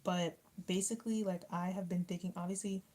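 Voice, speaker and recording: A young woman chatting on a livestream while she eats, reading and answering comments as she goes. She rambles with lots of fillers and restarts. Her voice is low, husky and mellow. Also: fairly even intonation, brisk, rough recording. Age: young adult. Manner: rambling, filler-heavy, reacts to chat comments. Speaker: YouTuber reading live chat. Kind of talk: casual livestream chat while eating.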